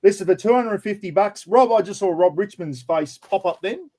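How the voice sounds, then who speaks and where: A man with an Australian accent hosting a casual livestream chat and prize draw, matey and quick to laugh. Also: sits high, warm tone. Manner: chatty, matey, laughs easily. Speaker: livestream host.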